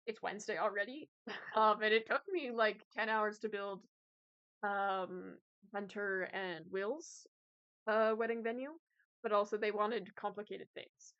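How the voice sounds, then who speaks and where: A woman's voice: medium pitch, steady tone, unhurried, fairly bright tone, smooth. Chatty young woman streamer, lo-fi. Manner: rambling, chatty, laughs often, many fillers. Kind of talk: casual chat with stream viewers. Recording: slightly dull lo-fi audio.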